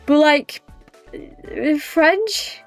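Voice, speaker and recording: High-voiced British woman streamer. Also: soft background music. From Britain. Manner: chatty, rambling, teasing, quick to laugh. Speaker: livestreamer. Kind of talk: casual chat with live viewers.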